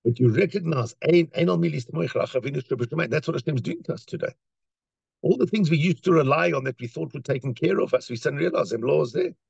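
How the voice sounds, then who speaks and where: Animated rabbi with a gravelly husky voice. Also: male voice, on the high side, quick pace, no room sound, highs cut off. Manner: animated storyteller, acts out voices, many restarts. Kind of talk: Torah talk to a congregation.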